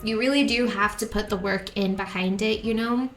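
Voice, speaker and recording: A woman's voice: medium pitch, fairly even intonation, moderate pace, fairly bright tone, faint music behind. Young woman emotionally reacting to a video. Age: young adult. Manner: emotional, rambling, stumbles over words. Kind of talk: casual reaction commentary.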